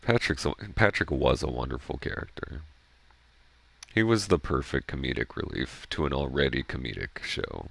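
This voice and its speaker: A man chatting casually over gameplay, rambling excitedly and swearing freely. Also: rumbling low, moderate pace, gravelly, breathy edge, dry recording. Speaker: gaming streamer.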